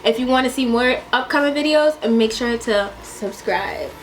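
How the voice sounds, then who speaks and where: A young woman chatting in a casual question-and-answer vlog, dramatic and animated, laughing often and swearing. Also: fairly high pitch, moderate pace, slight background noise. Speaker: vlogger.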